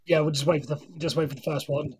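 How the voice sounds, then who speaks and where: A man's voice: fairly high pitch, level tone, quick pace, a little hiss or hum. A young man co-hosting a football podcast, anxious and rambling, repeating himself. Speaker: podcast co-host. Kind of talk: casual match chat.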